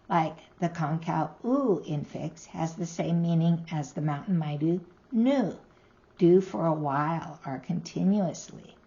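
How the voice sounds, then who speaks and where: A woman teaching a recorded language lesson, speaking slowly and carefully and sounding out each word. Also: deep voice, gravelly, mellow, muffled recording. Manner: slow, careful, sounding out words.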